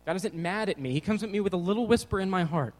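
A young man preaching a casual sermon to teenagers, energetic and jokey in his delivery. His voice sits a bit high for a man. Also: quick pace, poor audio. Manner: energetic, jokey, bouncing around. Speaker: youth pastor.

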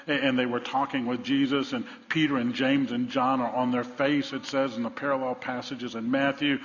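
A male pastor preaching a sermon, telling stories and swinging from loud emphasis to hushed tones. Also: mid-range voice. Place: large church sanctuary. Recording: dull sound, long hall reverb.

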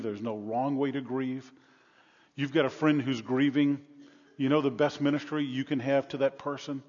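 A man pastor preaching a sermon, moving between quiet, hushed stretches and loud, emphatic passages with humor. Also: medium pitch, breathy edge. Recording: long reverb, dull lo-fi sound.

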